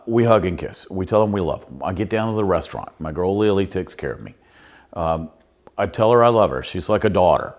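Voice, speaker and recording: Deep-voiced pastor telling stories. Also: male voice. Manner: folksy, anecdotal storytelling with restarts. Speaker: pastor and consultant. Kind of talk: storytelling podcast monologue.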